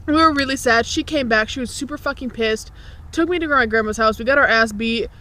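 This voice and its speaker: A woman's voice: fairly high pitch, brisk, pushed and bright. A young woman casually telling childhood stories on a podcast, swearing freely and laughing often. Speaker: podcast host. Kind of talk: casual chat, storytelling.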